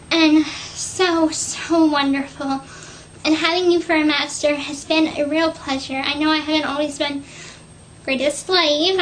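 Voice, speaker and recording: A young woman in her twenties speaking into a self-recorded video, soft and hesitant, with many fillers and restarts and an earnest, devoted tone. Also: high-pitched, slight background noise, poor audio. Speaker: person recording a private video message. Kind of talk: casual spoken video message. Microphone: self-recorded video camera.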